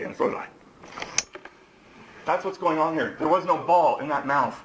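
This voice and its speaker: A hoarse man in his forties, a defendant addressing the court in a heated, accusatory rant. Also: a little high, moderate pace, background noise. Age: 40s. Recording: echoey courtroom recording.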